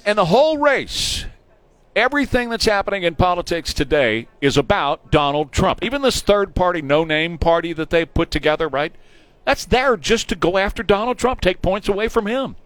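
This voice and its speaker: A man's voice: high-pitched, a bit bright, no echo. A man with a Texan accent hosting an opinionated talk radio show, emphatic and hammering his points through repetition. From Texas. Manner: emphatic, repeats points for punch. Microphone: studio microphone.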